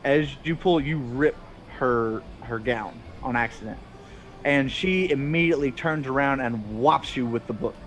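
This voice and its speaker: A man's voice: mid-range voice, moderate pace, fairly bright tone, rough recording. A man narrating a tabletop game as game master, rambling and correcting himself as he goes.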